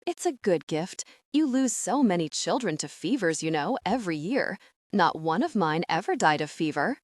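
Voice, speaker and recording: A woman voicing a gentle, humble elderly fairy godmother whose voice shakes as she talks apologetically. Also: lowish voice, very animated, moderate pace, dry recording, studio quality. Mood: tearful. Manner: soft, apologetic, with a shaky voice.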